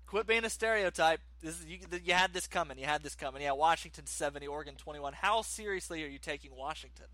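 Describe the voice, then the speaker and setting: A man co-hosting a podcast, chatting casually about sports with animated, ranting opinions. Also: fairly high pitch, fast. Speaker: podcast co-host.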